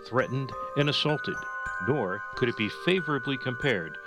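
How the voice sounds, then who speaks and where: A man announcing and narrating a radio story in a formal, deliberate tone. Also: medium pitch, animated. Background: music.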